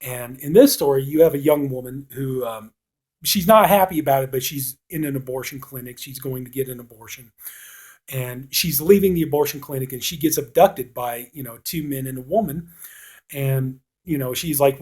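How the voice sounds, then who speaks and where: A man's voice: medium pitch, normal speed, warm tone, breathy edge. A man reviewing a horror movie, casually retelling the plot with lots of "you know" fillers.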